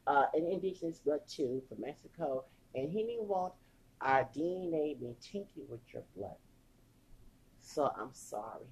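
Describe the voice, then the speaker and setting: A woman voicing an obedient young woman apologizing to her boyfriend, soft and hushed. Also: low voice, animated, unhurried, breathy edge, voice pushed down, heavily acted, low-quality recording. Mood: apologetic.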